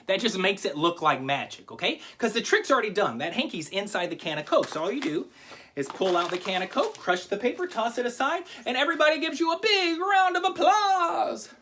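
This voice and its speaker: A man's voice: sits high, very animated, fairly quick, pushed and bright, slightly rough. A man giving a comic magic lecture to camera, teaching a trick while joking, rambling and interrupting himself. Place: home video recording.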